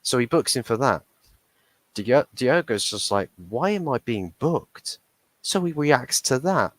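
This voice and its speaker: A man's voice: medium pitch, a bit bright, no echo, rough recording. A young man hosting a football reaction stream, ranting and swearing about the referee. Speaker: football fan channel host. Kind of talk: heated match reaction stream.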